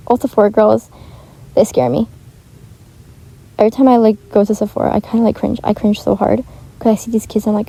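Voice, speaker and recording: A woman's voice: medium pitch, little pitch movement, fast, gravelly, pauses often, mellow, poor audio. A teenage girl chatting casually and rambling as a vlogger, with many "like" fillers and restarts. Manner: chatty, rambling, heavy use of "like". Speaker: gaming vlogger. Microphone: home microphone, not high-end.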